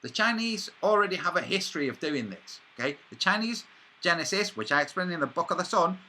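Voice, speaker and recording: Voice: mid-range voice, expressive, fairly quick, pushed and bright. A speaker, rambling through a speculative monologue with frequent restarts and asides.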